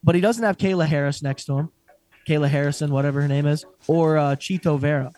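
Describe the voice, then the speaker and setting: A man's voice: fairly high pitch, fast talker. A young man co-hosting a casual fight-talk podcast, swearing freely and laughing often as he chats. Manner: profane, animated, laughs often. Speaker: podcast co-host. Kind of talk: casual chat.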